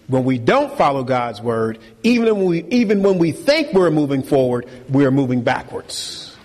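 A man's voice: on the high side, darkish tone, big-room sound. A man preaching a sermon as pastor, emphatic and repeating key phrases for force.

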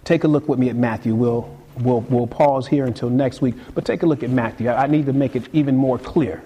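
A man preaching a sermon in a casual, conversational way, swinging between quiet passages and sudden emphatic peaks. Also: mid-range voice, fairly quick, muffled recording, slight background noise. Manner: casual conversational delivery with repeated words. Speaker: pastor.

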